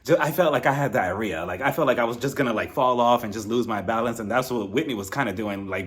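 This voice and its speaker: Lively, gossipy male recap host. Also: mid-range voice, quick pace, few pauses. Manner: animated, gossipy, laughs at own jokes. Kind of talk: casual comedic recap.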